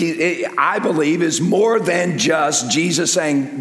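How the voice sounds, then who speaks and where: Animated older male preacher in a hall. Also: on the high side, slow pace. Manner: animated, swings from quiet to loud emphasis. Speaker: pastor. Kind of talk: sermon. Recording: echoey hall with long reverb.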